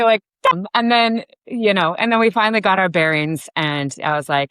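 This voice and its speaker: A woman's voice: mid-range voice, moderate pace, hardly any pauses, clean tone, no room sound. Woman, 40s, from the US, bar owner; casual, swearing, filler-heavy storyteller, dry close sound. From United States. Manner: profane, animated storyteller with many fillers.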